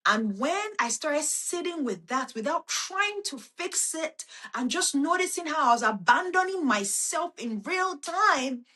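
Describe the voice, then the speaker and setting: A woman hosting a podcast, giving a slow, intimate self-help monologue that speaks to the listener as a friend and swears casually. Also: high-pitched, sing-song, pushed and bright. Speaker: podcast host.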